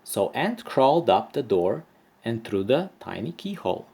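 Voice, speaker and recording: A man reading a children's story aloud for primary pupils, expressive and lively. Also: mid-range voice, moderate pace, creaky, a little hiss or hum. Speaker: storyteller, teacher.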